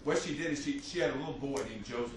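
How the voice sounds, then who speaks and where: A man teaching a history class as a lecturer, telling the story with lively restarts and fillers. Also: medium pitch, quick pace. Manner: animated storytelling with many restarts. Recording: echoey classroom from a distance, faint hiss.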